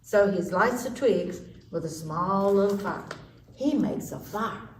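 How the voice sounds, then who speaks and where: Woman, story time reader, slow and animated; echoey room, far mic. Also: medium pitch. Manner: slow, expressive, lively storytelling. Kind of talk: children's read-aloud. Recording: echoey room, distant mic, faint noise.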